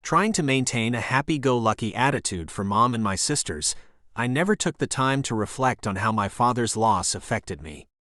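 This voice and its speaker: A man's voice: mid-range voice, lively intonation, normal speed, a bit bright, no room sound. Male audiobook narrator, dry close sound. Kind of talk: scripted romance audiobook narration.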